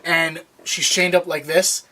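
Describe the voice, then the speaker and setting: A man's voice: fairly high pitch, flat delivery, measured pace, bright, forceful tone. A young man casually recapping a TV episode on a podcast, rambling and acting out quoted lines. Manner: rambling, many restarts, acts out quoted lines. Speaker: podcast co-host.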